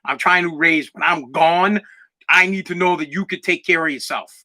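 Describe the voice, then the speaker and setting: A man's voice: fairly high pitch, normal speed, sharp tone. A young man hosting a podcast, telling stories in a brash, profane, emphatic way. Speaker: podcast host. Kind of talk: casual storytelling chat.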